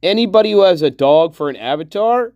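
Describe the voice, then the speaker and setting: A man hosting a casual livestream who jokes, swears freely and laughs often. His voice sits high and swings widely in pitch. The sound is close and dry. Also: animated, brisk, a little mellow, dry recording, highs cut off. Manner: profane, joking, laughs often. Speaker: livestream host. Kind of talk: casual reaction commentary.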